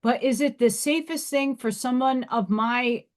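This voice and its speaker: A woman's voice: high-pitched, a little slow. A woman from New York hosting a casual livestream, talking frankly and emphatically to her viewers. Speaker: livestream host.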